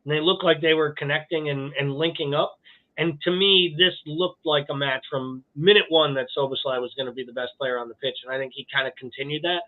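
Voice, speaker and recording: Male co-host, wry and joking, swears casually, fairly high voice, tinny phone-like audio. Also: steady tone, a little fast. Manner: wry, joking, profane banter. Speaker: podcast co-host. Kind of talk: casual chat.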